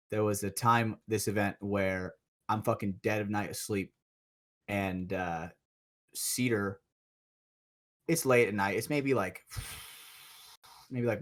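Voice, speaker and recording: Profane animated man telling stories. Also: on the low side. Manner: profane, animated storyteller who acts out quotes loudly. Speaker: podcast co-host, paintball player. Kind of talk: casual storytelling chat.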